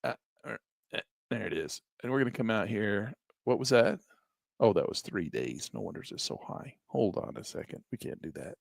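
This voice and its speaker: Gravelly man thinking aloud through trades. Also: fairly low pitch, lively intonation, normal speed, dry recording, clean studio sound. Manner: thinks aloud, casual and joking. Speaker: trading instructor. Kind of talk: live screen-share trading walkthrough.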